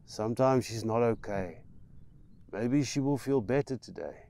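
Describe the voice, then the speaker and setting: A man voicing a big, burly, hungover man who is gruff but kind, grunting loudly. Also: mid-range voice, a little slow, voice pushed up. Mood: kindly reassuring.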